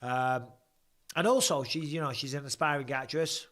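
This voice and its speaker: A fairly high, slightly bright male voice at normal speed belongs to a forties-aged man hosting live fight commentary at home. Chatty and jokey, he reads out viewer questions and answers them.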